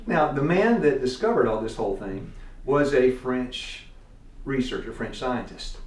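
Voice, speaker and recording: A man's voice: mid-range voice, animated, a little slow. A man with a Tennessee accent teaching a church class, quizzing his students in a folksy way and chuckling often. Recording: echoey room, distant mic.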